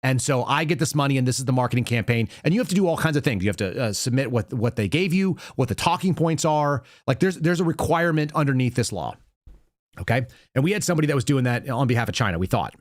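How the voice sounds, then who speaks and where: A man's voice: mid-range voice, animated, quick pace, dry recording. Dry-voiced man hosting a political talk show. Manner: conversational storytelling with quoted dialogue and restarts. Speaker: podcast host. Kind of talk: casual political commentary.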